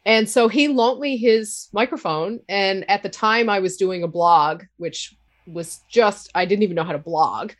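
A woman with a Cape Breton accent, a podcaster talking candidly as an interview guest, with a loud laugh. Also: medium pitch, unhurried. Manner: candid, laughs loudly, swears freely. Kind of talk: casual interview talk.

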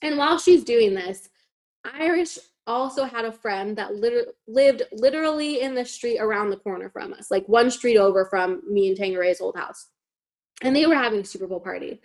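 A young woman hosting a podcast, telling a long story in casual chat, animated, swearing, and saying "like" constantly. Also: a little high, normal speed. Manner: animated, swearing, heavy use of "like". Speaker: podcast host.

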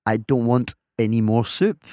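A man's voice: mid-range voice, moderate pace, warm tone, no room sound, clean studio sound. Playful man teaching. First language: French. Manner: playful, repeats words when restarting. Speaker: co-presenter, native-speaker teacher. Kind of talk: casual teaching chat.

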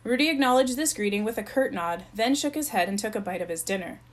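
A woman reading a children's chapter book aloud. Her delivery is plain and even, in a steady storytelling rhythm. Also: medium pitch, fast. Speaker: narrator.

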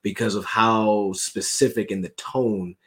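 A man hosting a casual chat, relaxed, chiming in with short replies and laughs. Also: fairly low pitch, unhurried. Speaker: host.

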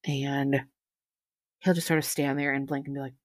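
A woman narrating as game master in a tabletop role-play, unhurried and halting, with giggly asides. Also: a bass voice, flat delivery, no echo.

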